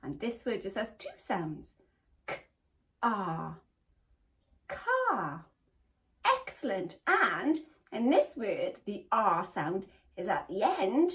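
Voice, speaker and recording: Recorded at home or in a classroom for home learning, a woman teacher gives young children a phonics lesson, patiently sounding out each letter. Her fairly high voice makes huge pitch swings, slow and sing-song, full of encouragement.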